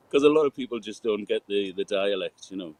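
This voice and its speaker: A man from Newcastle with a softened Geordie accent, a guest telling stories in a rambling, casual interview over a video call. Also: fairly low pitch, animated, moderate pace, no echo, low-quality recording. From Newcastle, England. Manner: rambling storyteller, laughs and fillers. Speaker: guest, sound engineer.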